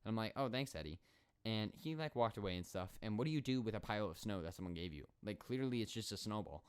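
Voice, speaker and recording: A man's voice: lowish voice, fast talker, smooth. Rambling twenty-year-old guy. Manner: animated, rambling, sarcastic. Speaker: podcast host. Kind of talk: solo podcast storytelling.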